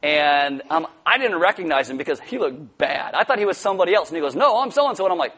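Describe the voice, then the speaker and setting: A male pastor with a notably high voice delivers a sermon. He talks to the congregation in a loose, joking way and now and then breaks into loud outbursts. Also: very animated, fast, husky. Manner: joking, conversational preaching with sudden loud outbursts. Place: church before a congregation.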